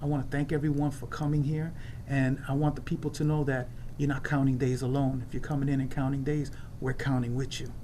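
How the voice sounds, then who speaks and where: A man's voice: mid-range voice, flat delivery, fairly quick, mellow, a little hiss or hum. A man from New York giving an earnest personal share at an online recovery meeting, repeating phrases for emphasis. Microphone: video call.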